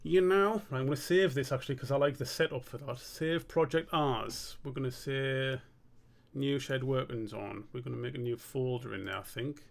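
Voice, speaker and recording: Young streamer, gravelly mid-pitched voice, sweary rambling chat. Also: male voice, fairly even intonation, normal speed. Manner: rambling, sweary, thinking aloud. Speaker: streamer and animator. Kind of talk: casual live-stream chat.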